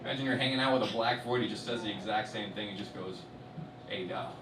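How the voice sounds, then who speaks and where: A young man from Miami doing a stand-up comedy set, swearing a lot and swinging from muttered asides to loud bursts. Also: lowish voice, very fast. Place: large live comedy venue with audience. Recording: roomy, distant live stage recording with loud crowd noise.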